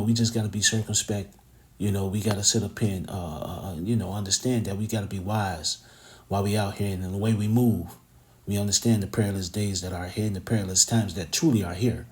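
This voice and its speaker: A man's voice: low voice, background noise. A man giving a casual spoken religious lesson, informal and profane, with plenty of fillers and repeated phrases.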